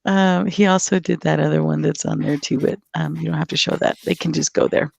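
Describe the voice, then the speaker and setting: Woman guest, casual chat, very gravelly fry, dry close sound, giggly, rambling. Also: low-pitched, fairly even intonation, fairly quick, no echo. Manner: giggly, rambling, many ums. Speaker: guest co-host. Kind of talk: casual live-stream chat.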